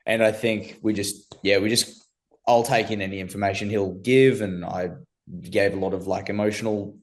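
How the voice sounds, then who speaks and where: A man's voice: fairly low pitch, fairly even intonation, normal speed. A young man being interviewed, laid-back and slangy, calling people bro. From Australia. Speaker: amateur MMA fighter guest. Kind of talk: casual interview chat.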